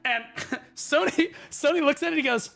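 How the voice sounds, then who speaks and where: Brief: young male streamer, high voice, swearing, animated story rant, faint music underneath. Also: normal speed, vocal fry. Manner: profane, excitable, bursts into shouts.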